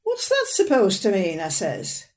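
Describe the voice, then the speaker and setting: A woman performing a dramatic monologue as a fussy, proud, sharp-tongued elderly northern mother with a dry, plain-spoken manner. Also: mid-range voice, huge pitch swings, a little slow. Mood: wry.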